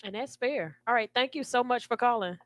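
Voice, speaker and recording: A woman's voice: a little high, brisk, no echo. A woman hosting a radio talk show, chatty and emotional, laughing often. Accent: Southern US. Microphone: studio microphone.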